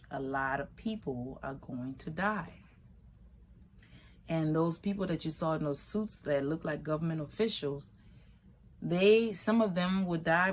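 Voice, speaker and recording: Low-voiced woman telling a life story. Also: slight background noise. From Liberia. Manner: unhurried, reflective, slips into quoted voices. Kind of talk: personal storytelling.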